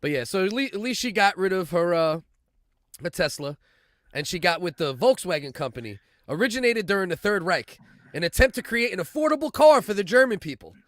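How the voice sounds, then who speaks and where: Profane, mocking man with a high, bright voice that swings up and down as he rants. He co-hosts a crude comedy podcast. The sound is dry and close. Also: big pitch swings, brisk, dry recording. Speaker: podcast co-host.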